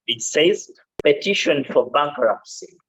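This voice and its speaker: In a dull, lo-fi classroom recording carrying a little hiss or hum, a man lectures students on law. His voice sits a bit high and sounds expressive and fairly bright, and he takes his time, tossing in frequent "okay?" checks and jokey asides.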